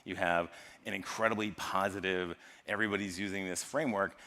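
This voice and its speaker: An American man giving a lively, joking tech talk at a live conference and quizzing the audience. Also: sits low, brisk. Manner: lively, jokey, polls the audience. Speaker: conference speaker. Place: large conference hall. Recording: long hall reverb from a live stage.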